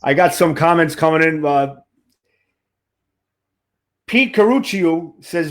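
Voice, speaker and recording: Man, heavy New York accent, chatty host, fairly high voice, enthusiastic. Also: expressive, takes it slowly, pauses often. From Queens, New York. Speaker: podcast host. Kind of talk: casual interview chat.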